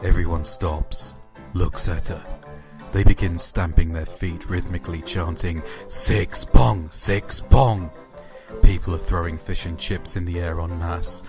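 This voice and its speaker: A man narrating horror stories and chatting casually, with a dry, offhand delivery and some swearing. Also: low-pitched. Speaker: narrator and channel host. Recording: music playing underneath.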